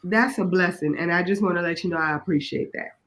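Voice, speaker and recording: A woman's voice: fairly low pitch, fairly bright tone, rough recording. Earnest woman hosting casual friend chat. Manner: earnest, drawn-out, then breezy.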